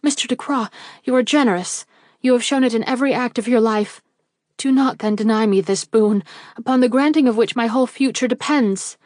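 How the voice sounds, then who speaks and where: A woman's voice: fairly high pitch, fairly quick, a little mellow, dry recording, clean studio sound, lightly acted. A woman voicing a distressed young woman pleading in guilt, with a tremulous voice.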